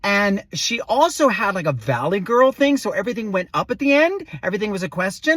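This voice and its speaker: A woman's voice: medium pitch, sing-song, brisk, few pauses, no echo. A woman telling a comic story in a wry, sassy, theatrical way. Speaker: performer.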